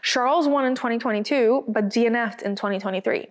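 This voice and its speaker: A woman co-hosting a podcast, giving a chatty, expressive recap of a race in a casual style. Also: a little high, fast. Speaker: podcast co-host.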